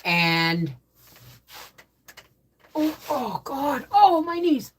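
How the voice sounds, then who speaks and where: A woman's voice: sits high, big pitch swings, drawn-out words, fairly bright tone. An older woman hosting a live stream from her home office, telling a rambling, chatty story with many restarts. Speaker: homestead channel host. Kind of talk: casual live-stream chat.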